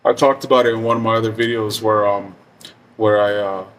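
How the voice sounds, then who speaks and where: A man's voice: on the low side, fairly even intonation, a little fast, a bit bright, far from the mic, slight background noise. A middle-aged man telling a story casually, rambling and profane with many fillers.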